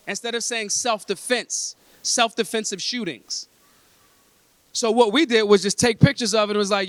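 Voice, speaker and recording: At a convention breakfast, a speaker from Philadelphia gives the room a blunt, emphatic talk, streetwise and full of swearing. His voice sits high and is a bit bright, at normal speed with no echo.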